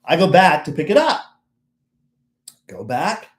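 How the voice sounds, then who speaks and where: A man's voice: fairly high pitch, unhurried, reverberant. A man co-hosting a live stream, chatting casually and acting out the other people in his story. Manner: animated storyteller, acts out other people's lines. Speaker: co-host.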